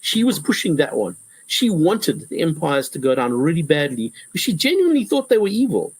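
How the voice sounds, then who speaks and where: A man with a husky, rather high voice talks as an interview guest, swinging his pitch widely as he explains. He often stumbles into restarts and briefly acts out what others said. The sound is close and dry, with no room around it. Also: fairly quick, no room sound, poor audio. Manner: animated, repetitive restarts, acts out quotes. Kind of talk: conversational interview.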